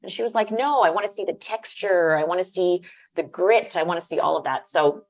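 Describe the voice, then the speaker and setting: A middle-aged woman telling lively anecdotes in a casual interview, using "like" a lot and laughing often. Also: fairly low pitch, brisk. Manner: animated, lots of "like", laughs often. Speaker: guest, former magazine editor.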